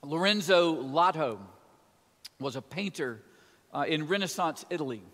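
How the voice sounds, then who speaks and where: A man's voice: fairly high pitch, lively intonation, a little slow, a bit bright. Man preaching in a reverberant church. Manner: conversational, with folksy asides. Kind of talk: sermon.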